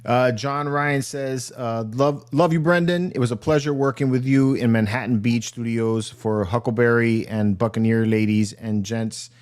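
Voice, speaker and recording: A man hosting an interview, slowly reading a viewer comment aloud. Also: medium pitch, fairly even intonation. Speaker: interview host.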